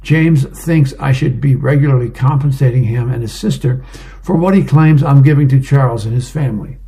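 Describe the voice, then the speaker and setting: A man's voice: mid-range voice, brisk, creaky, dark tone. A man casually reading an advice column and newspaper comics aloud, describing each panel with small fillers.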